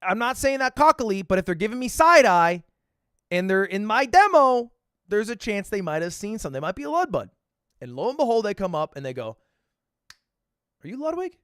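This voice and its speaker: A man in his twenties telling a story on a livestream in an animated, profane, self-deprecating way. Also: sits high, a little fast, smooth, no room sound, studio quality. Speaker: streamer.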